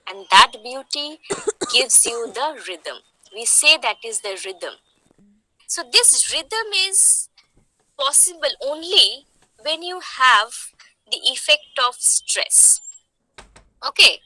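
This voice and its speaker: A woman's voice: sits high, lively intonation, slow, pushed and bright, no room sound, low-quality recording. A woman from India with an Indian English accent, teaching a class. She explains patiently, repeats her points and asks the students questions. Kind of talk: online lecture.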